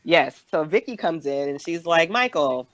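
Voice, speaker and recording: A woman's voice: sits low, normal speed, dry recording. A woman co-hosting a podcast, recapping a TV episode in casual chat, laughing often and acting out the characters' lines. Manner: laughs often, acts out quotes in voices. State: out of breath. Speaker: podcast co-host.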